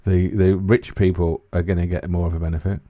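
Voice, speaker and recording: A man's voice: level tone, brisk, no room sound, narrow, tinny audio. A man in his forties co-hosting a casual podcast, talking with lots of stumbling restarts. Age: 40s. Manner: stumbling restarts, swings from low grumble to high. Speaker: podcast co-host. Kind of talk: casual banter.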